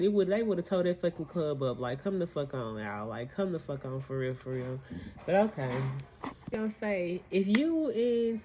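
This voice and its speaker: Young woman ranting thru a reality show recap, low-ish voice, cusses a lot, blunt and heated. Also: dark tone, dull audio, a little hiss or hum. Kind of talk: casual profane reality TV recap.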